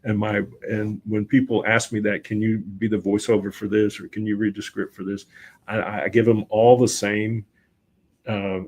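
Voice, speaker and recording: A middle-aged man, a guest on a talk show, telling lively anecdotes in a relaxed conversational way and often quoting himself. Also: fairly low pitch, moderate pace. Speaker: guest, voice-over and public speaking teacher. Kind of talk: casual conversational storytelling.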